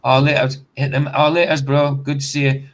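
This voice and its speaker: A man's voice: mid-range voice, level tone, fairly quick, slight background noise, poor audio. A man hosting a casual reaction stream, bluntly skeptical and firing off rhetorical questions. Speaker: host.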